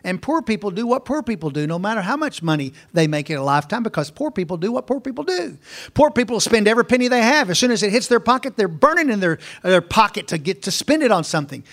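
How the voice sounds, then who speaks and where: A man's voice: high-pitched, sing-song, quick pace, a bit bright. A minister in his sixties telling folksy stories in a sermon, talking in a repetitive, emphatic way. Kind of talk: storytelling sermon.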